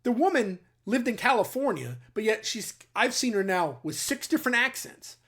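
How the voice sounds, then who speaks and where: A middle-aged military veteran from the New York or New Jersey area hosts his own channel, delivering blunt, emphatic opinions straight to his viewers. His mid-range voice is a bit bright, swings widely in pitch, and moves at a moderate pace.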